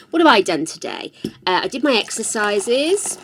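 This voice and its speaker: A woman's voice: mid-range voice, sing-song, normal speed, noisy background. An older woman chatting casually on a live stream, affectionate and talkative, calling her viewers darlings. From United Kingdom.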